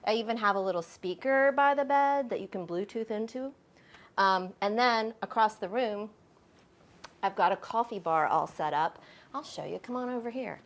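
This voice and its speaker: A woman's voice: mid-range voice, normal speed. A middle-aged woman, chatting casually while she shows guests around her home, with lots of fillers. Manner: chatty and friendly, with frequent fillers. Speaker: homeowner giving a home tour. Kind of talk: casual home tour chat.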